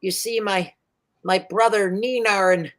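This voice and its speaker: A woman voicing a nervous, excitable male gnome inventor who stammers and rambles through his words in a tabletop game. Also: medium pitch, unhurried, voice pushed up, close to an everyday voice. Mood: eager stammering.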